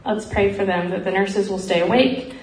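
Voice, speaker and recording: A woman earnestly telling a missionary story in a heartfelt talk, often pausing with "um" and growing emotional. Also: medium pitch, steady tone, darkish tone. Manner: earnest, frequent ums, grows emotional. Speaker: speaker sharing a missionary story. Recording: roomy echo, faint background noise.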